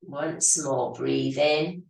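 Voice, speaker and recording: A woman leading a guided yoga class with calm, steady breathing cues, her voice slightly hoarse as she is losing it. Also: extremely low pitch, drawn-out words, distant mic. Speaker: yoga teacher. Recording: very echoey room, voice off-mic.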